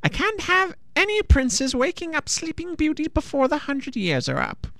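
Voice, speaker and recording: A storyteller voicing a cranky old witch who is suspicious of princes, with a high, strained crone voice. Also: sing-song, normal speed, fairly bright tone, no room sound, exaggerated voice. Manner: suspicious, menacing.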